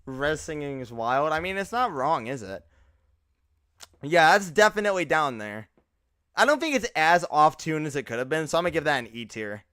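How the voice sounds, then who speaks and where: Bright, excitable young streamer guy. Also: a little high, moderate pace, clean tone, dry recording, studio quality. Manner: excitable, laughs often, uses fillers like bro. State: tired. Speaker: livestreamer. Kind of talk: casual live reaction chat.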